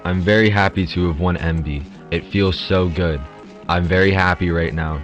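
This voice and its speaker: A man voicing a sluggish male contestant possessed by a demon, talking slow, low and mumbling. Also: fairly even intonation, faint music behind, natural voice. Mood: droning.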